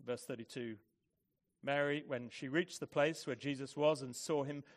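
A man preaching a sermon, moving between hushed, measured reflection and loud, forceful emphasis. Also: medium pitch, steady tone.

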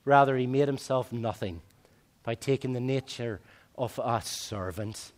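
A man preaching a sermon, swinging between loud emphatic lines and hushed, slow ones. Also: mid-range voice.

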